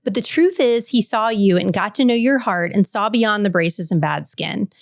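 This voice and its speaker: A woman's voice: medium pitch, expressive, normal speed, gravelly, dry recording, studio quality. A woman in her forties hosting a podcast, reading a heartfelt letter aloud and then reflecting earnestly to the listener. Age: 40s. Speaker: podcast host.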